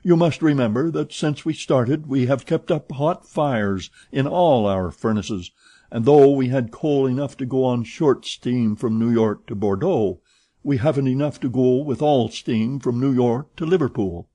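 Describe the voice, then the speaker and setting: A man's voice: medium pitch, measured pace, dark tone, breathy edge, no echo, pitched above the performer's own voice. A man voicing an earnest ship's engineer, speaking in a raised, insistent way.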